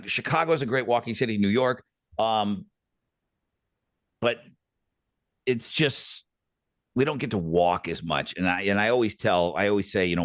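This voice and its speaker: A man's voice: fairly low pitch, a bit bright, no room sound, studio quality. A man in his fifties, co-hosting a podcast in casual chat, telling stories with lots of swearing and stammered restarts. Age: 50s. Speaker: podcast co-host.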